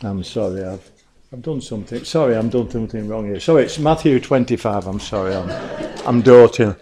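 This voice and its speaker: A man preaching a sermon, apologetic and flustered over his references, then reading scripture in a measured, solemn tone. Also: on the low side, dark tone, slight background noise.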